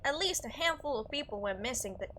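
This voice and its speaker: A woman voicing a gas station clerk in a game, measured and warning, over a noisy background. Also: high-pitched, expressive, a bit bright.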